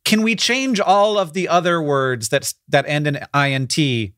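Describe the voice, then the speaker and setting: Rambling man co-host, somewhat high voice. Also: normal speed, a bit bright, no echo, studio quality. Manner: rambling, full of "like" fillers, laughs easily. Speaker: podcast co-host. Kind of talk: casual chat.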